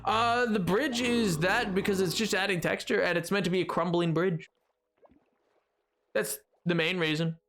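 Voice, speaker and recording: A man's voice: high voice, fairly even intonation, normal speed, a bit bright, a little hiss or hum. A man streaming a game live, reading chat and answering in a playful, jokey way.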